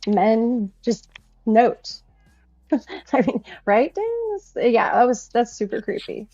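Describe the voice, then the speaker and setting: A woman co-hosts a casual book-club podcast, speaking slowly and giving frank, exasperated remarks. Her audio is dry and dull, with a lo-fi edge. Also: a little high, fairly even intonation, dark tone, no echo, soft background music. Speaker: podcast co-host.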